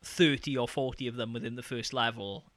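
A man chatting casually about video games as a podcast co-host, rambling with lots of fillers and getting animated when excited. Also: mid-range voice, brisk, no room sound. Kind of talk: casual gaming chat.

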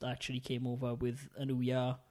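A man chatting on a casual podcast. He rambles through his thoughts with ums and the odd laugh. His voice sits at an ordinary middle pitch. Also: completely flat delivery, normal speed, warm tone. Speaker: podcast co-host. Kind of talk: casual chat.

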